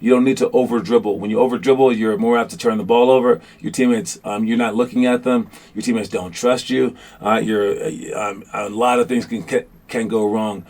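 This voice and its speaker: Rambling, animated youth basketball coach man. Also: lowish voice, brisk, hardly any pauses. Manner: rambling, animated, many restarts and fillers. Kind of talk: casual motivational talk to players.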